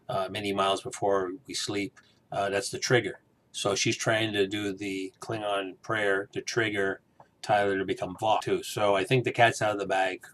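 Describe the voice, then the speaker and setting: A man with a slightly low voice talks through a TV episode in a loose, chatty review. He strings thoughts together with frequent fillers and slips into quick voices to act out what the characters say. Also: a bit bright. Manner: chatty, acts out quoted lines in little voices; many fillers like "you know" and "uh". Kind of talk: casual review and recap.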